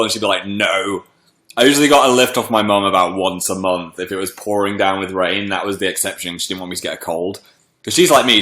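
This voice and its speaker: Bright-voiced man hosting a livestream. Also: on the low side, reverberant. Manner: chatty, greets viewers by name. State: slightly congested from a cold. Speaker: livestream host. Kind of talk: casual livestream chat.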